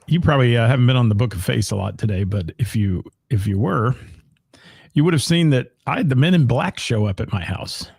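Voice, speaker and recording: A man's voice: medium pitch, expressive, brisk, vocal fry, darkish tone, husky, dry recording, studio quality. A middle-aged man from Ohio, co-hosting a casual live-streamed chat from home and greeting viewers by name. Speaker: co-host of a live-streamed talk show.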